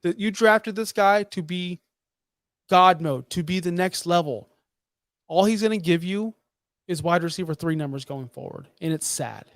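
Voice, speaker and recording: A man's voice: sits high, normal speed, dry recording, studio quality. A man co-hosting a fantasy football podcast, talking in a fired-up, emphatic, ranting way. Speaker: podcast co-host. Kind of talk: heated fantasy football talk.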